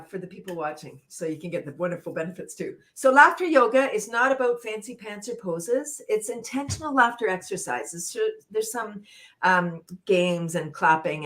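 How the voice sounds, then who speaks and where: A woman guest leading laughter yoga exercises on a talk show, bubbly, laughing often and chanting and cheering along. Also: fairly low pitch.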